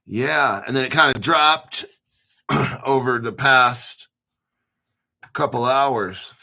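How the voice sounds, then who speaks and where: A man hosting a casual crypto livestream, rambling excitedly with frequent laughs and restarts. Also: mid-range voice, slow pace, gravelly.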